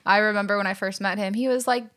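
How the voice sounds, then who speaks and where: A woman's voice: medium pitch, steady tone, quick pace, a bit bright. Laughing young woman, casual podcast chat. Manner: laughs often, swears, frequent "like". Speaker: podcast co-host.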